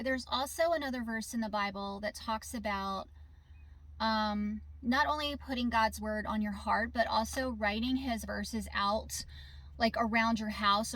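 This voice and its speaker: A woman speaks in a chatty, unhurried way, with a voice sitting a little high for a woman. She films a show-and-tell vlog from inside her car, talking straight to the camera. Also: fairly bright tone. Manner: chatty, conversational, with fillers. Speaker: vlogger.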